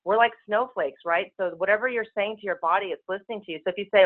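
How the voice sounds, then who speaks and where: A woman speaking as a spiritual healer guest, talking very fast in casual, rushing speech over a telephone call-in. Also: fairly low pitch. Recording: tinny phone line.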